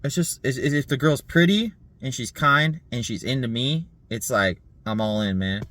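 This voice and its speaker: A man in his thirties rambling in a casual vlog monologue, laughing often, swearing and filling pauses with "like" and "um". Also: mid-range voice, a bit bright. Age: 30s. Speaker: vlogger.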